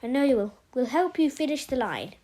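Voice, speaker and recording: A woman's voice: sits high, sing-song, brisk, warm tone. A woman reading aloud and voicing a blunt, matter-of-fact middle-aged male doctor who gives orders.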